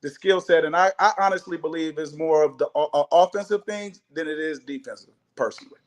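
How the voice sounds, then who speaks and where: A man's voice: fairly high pitch, a little fast. Emphatic man arguing sports stats. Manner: emphatic, listing stats, repeating points. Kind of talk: casual sports chat.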